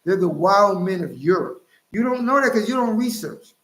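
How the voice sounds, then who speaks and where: A man's voice: sits high, lively intonation, moderate pace, fairly bright tone. A man hosting his own channel, preaching emphatically and scolding his listeners as he cites scripture. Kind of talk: preaching commentary. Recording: roomy echo.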